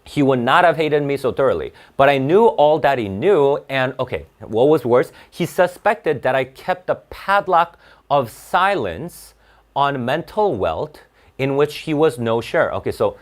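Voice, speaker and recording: A man's voice: mid-range voice, sing-song, measured pace. A young man tutoring for the SAT, reading a passage aloud and explaining it in a casual, blunt way, full of rhetorical questions and fillers.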